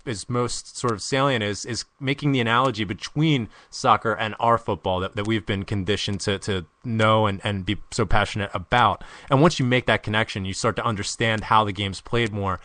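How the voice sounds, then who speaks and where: Bright-voiced American podcast host. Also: male voice, lowish voice, a little fast, hardly any pauses. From United States. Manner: enthusiastic, slangy, repeats words. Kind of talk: casual podcast chat.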